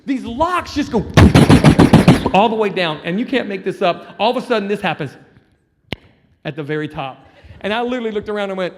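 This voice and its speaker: Man, stand-up comedian, high voice, animated storytelling, long hall reverb. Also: a little fast, pauses often, heavy background noise. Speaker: comedian and juggler.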